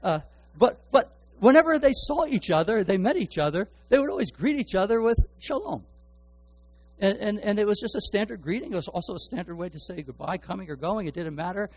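A middle-aged pastor preaching a sermon in an earnest way, often stumbling and repeating words as he builds a point. His voice sits a little higher than most men's. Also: animated, brisk, darkish tone, rough recording.

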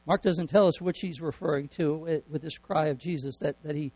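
An earnest male pastor preaching a sermon in a slightly high voice. He often repeats words as he builds toward a point. The recording is dry and close, with a faint hum underneath. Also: fairly even intonation, a little fast, a little mellow, no echo, low-quality recording.

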